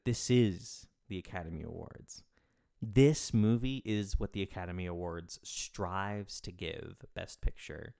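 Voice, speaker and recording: A man's voice: sits low, unhurried, gravelly, mellow, clear, resonant tone. A man co-hosting a film podcast in casual chat, wry and emphatic, swearing for effect. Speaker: podcast co-host and film critic.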